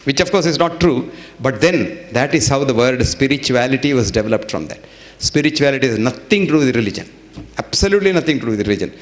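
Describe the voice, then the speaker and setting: A man with an Indian accent giving a public lecture, weaving humorous anecdotes and slowing down to stress his points. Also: mid-range voice, lively intonation.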